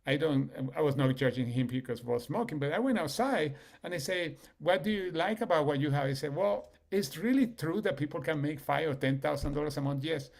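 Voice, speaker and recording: A man, a business leader telling stories on a call in an animated way. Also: a little fast, gravelly, few pauses. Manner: animated, acts out quoted people with rising pitch.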